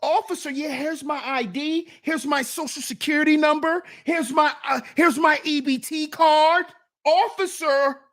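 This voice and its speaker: A man mimicking a frightened grown man who stammers and pleads with a police officer in a high, whiny voice. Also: normal speed, darkish tone. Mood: groveling.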